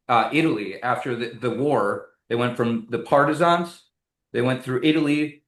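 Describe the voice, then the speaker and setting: A man speaking as a guest in an interview, an animated and emphatic storyteller. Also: medium pitch, roomy sound. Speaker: guest, community advocate. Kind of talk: conversational interview.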